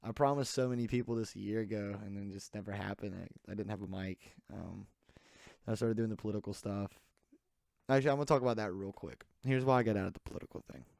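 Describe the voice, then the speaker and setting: A man's voice: lowish voice, fast talker, vocal fry, a little mellow, no echo, studio quality. A man hosting a casual solo podcast, rambling with many fillers and restarts. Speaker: podcast host.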